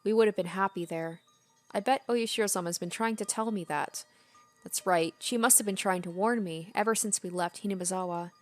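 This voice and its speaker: A woman's voice: medium pitch, a little fast, faint music behind, lightly acted. A woman reading the lines of a disturbed teenage girl from a visual novel, repeating herself feverishly. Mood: frantic. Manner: feverish, repetitive apologizing.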